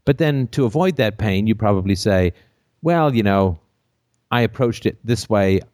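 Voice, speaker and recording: A man hosting a call-in show, giving advice in a talkative, animated way and acting out jokes. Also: lowish voice, moderate pace, dry recording, studio quality. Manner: animated, acts out silly voices and jokes. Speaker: host.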